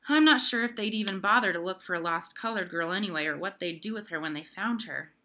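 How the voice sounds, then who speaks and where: A woman's voice: mid-range voice, quick pace, pushed and bright. A woman voicing a worn-out young woman who talks to her little sister in a tired, sighing, reassuring way. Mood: weary.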